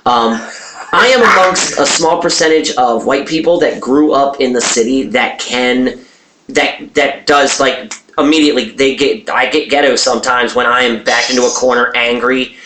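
A man's voice: mid-range voice, normal speed, pushed and bright, a little hiss or hum. A stoned man with an East Baltimore accent, co-hosting a podcast in brash, laughing, profane banter. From East Baltimore, USA. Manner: brash, laughing, swears constantly. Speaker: podcast co-host. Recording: echoey room.

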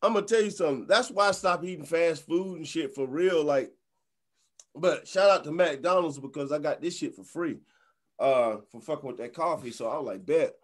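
A man's voice: on the high side, normal speed. A young man hosting a casual podcast, talking in slang, swearing and laughing easily. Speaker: podcast host.

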